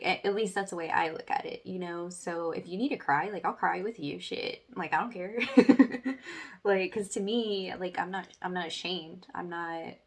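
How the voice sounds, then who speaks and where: A woman leading a guided spiritual workshop, chatty and casual, filling her talk with "like" and "okay", dropping to a soft hush for meditation. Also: fairly low pitch. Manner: chatty, says "like" and "okay" often; soft, hushed when guiding meditation.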